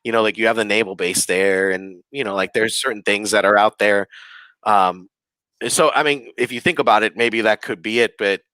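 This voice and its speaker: A lowish, pushed and bright male voice at a moderate pace, recorded dry. The speaker, a podcast guest, casually relates a ghost experience, rambling with plenty of "like" and "you know" and acting out quoted dialogue.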